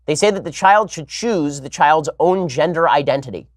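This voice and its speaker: A man talking quickly and sardonically as a talk show host, voice pitched a little high for a man. The sound is close and dry, with no room echo. He piles up arguments and throws in mocking asides. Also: animated. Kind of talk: fast opinionated monologue with sarcasm.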